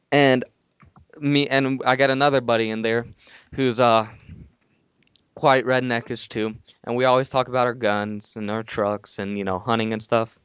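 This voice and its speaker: A man's voice: mid-range voice, smooth, no room sound. A young man, a podcast co-host, telling a long rambling story in casual talk with many restarts, calling in from home. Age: young adult. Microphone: call-in from home.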